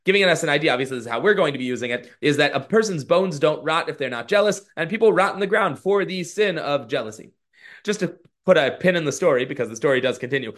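Fast-talking man teaching a Torah lesson. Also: fairly high pitch. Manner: quotes Hebrew and Aramaic then translates; lively storytelling of the Talmud passage. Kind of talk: podcast lesson on a text.

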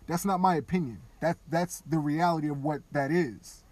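A man podcasting, talking candidly and casually, now and then dropping into quiet mock voices of others. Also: a little high, moderate pace, no echo. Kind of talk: casual opinion talk.

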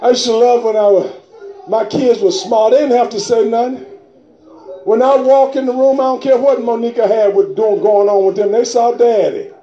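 A middle-aged man preaching a charismatic sermon, shouting and drawing out phrases, breaking into tongues. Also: extremely high pitch, steady tone, echoey room, lo-fi sound. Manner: shouting, drawn-out emphatic phrases, speaking in tongues.

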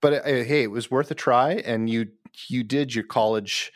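A man's voice: medium pitch, normal speed, no echo, clean studio sound. A man from Minnesota co-hosting a podcast, playful, jokey and self-mocking in casual banter. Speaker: podcast co-host.

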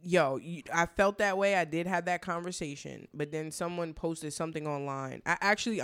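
Podcast co-host, male, high smooth voice, animated, profane banter. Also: normal speed. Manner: animated, profane, laughs often. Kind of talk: casual chat.

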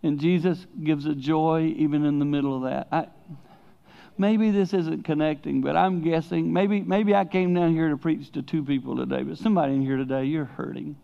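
Middle-aged male preacher: candid, animated storyteller with excited high-pitched peaks, dull lo-fi church recording. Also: normal speed, gravelly. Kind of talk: sermon.

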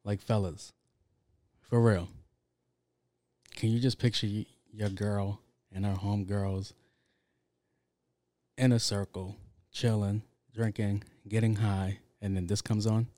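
A man's voice: lowish voice, flat delivery, slow, long pauses, mellow, dry recording. A man hosting a podcast alone, talking casually in a rambling way with lots of fillers and swearing. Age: adult with kids. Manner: rambling, profane, heavy with fillers. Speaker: podcast host. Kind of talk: casual solo podcast chat.

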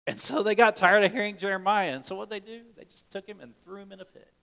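A man preaching a sermon earnestly, swinging between loud urgent lines and hushed soft ones, often repeating words as he restarts. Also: sits high, fairly even intonation, fast talker, creaky, big-room sound. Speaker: pastor.

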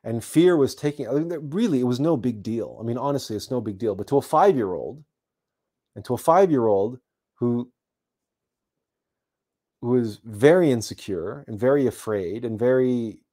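A man from Canada recounting a childhood story in a reflective talk, halting often and repeating words with many fillers. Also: mid-range voice, expressive, dark tone. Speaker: host.

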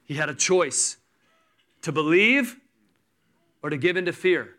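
A man in his thirties preaches with a bright, forceful voice that sits a little high for a man. He tells his story with animated energy, stepping into the voices of the people in it. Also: measured pace. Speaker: pastor. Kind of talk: sermon.

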